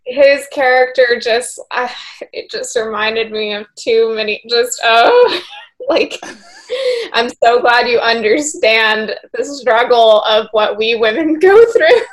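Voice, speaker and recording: A woman co-hosts a casual movie chat, dropping exasperated, laughing asides. Her voice sits fairly high and her delivery is unhurried. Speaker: podcast co-host, former journalist.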